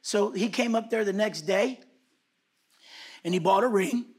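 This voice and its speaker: A man preaching a sermon, impassioned, swinging between shouted bursts and hushed whispers. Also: sits high, measured pace, breathy edge.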